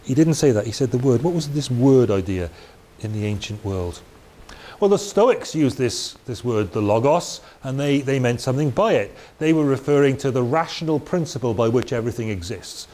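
A man's voice: medium pitch, animated, fairly quick, hardly any pauses, warm tone. A man giving a Bible teaching talk in a conversational way, with chatty asides and restarts. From Wales. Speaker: preacher. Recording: faint hiss.

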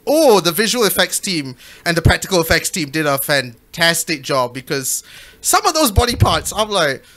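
An excitable podcast co-host chatting casually with friends. The voice swoops up and down with lots of life and has a bright, sharp edge. Stories tumble out with plenty of enthusiasm. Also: mid-range voice, moderate pace. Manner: animated, excitable storyteller. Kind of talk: casual chat.

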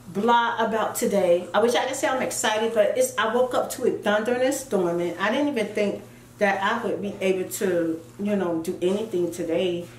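A middle-aged woman chatting casually and telling a story, acting out voices with folksy asides. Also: medium pitch. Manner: animated storyteller who acts out voices, folksy asides like "child" and "y'all". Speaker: vlogger. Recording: echoey room with faint ambient noise.

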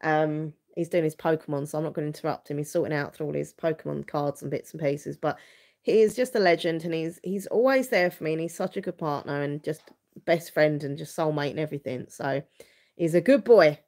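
A woman's voice: deep voice, brisk, a little mellow. A woman in her thirties chatting openly on a livestream, rambling with frequent restarts. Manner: rambling, frequent restarts and fillers, open and earnest. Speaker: vlogger hosting a livestream. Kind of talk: casual livestream chat.

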